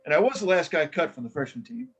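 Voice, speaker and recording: An older man, a former coach, telling stories in a casual interview, animated and full of restarts. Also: on the high side, fast, slightly rough, lo-fi sound. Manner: animated storyteller with many restarts.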